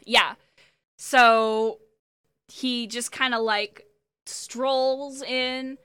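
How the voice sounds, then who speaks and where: A woman talks on a podcast in a bright, forceful voice that stays smooth and crisp. She recaps an episode excitedly and swears freely. The sound is close and dry. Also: a little high, very slow, dry recording. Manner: animated and profane, acts out quoted lines.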